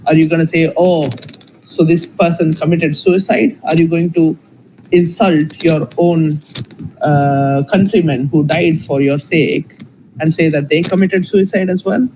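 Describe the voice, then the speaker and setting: A man with a somewhat higher voice argues his case in a live debate. He speaks in a measured way and hesitates often. Noticeable noise runs under his audio. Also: steady tone, mellow, poor audio. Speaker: Christian debater.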